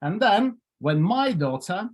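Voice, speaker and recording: A man's voice: high voice, sing-song, slow pace. A man from Ukraine with a Ukrainian accent, giving a chatty, humorous prepared speech over a video call. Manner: chatty, with many fillers. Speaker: club speaker.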